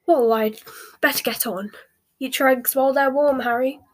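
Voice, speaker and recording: A woman voicing a bustling, worried middle-aged mother witch who talks briskly and sharply. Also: high-pitched, steady tone, lightly acted.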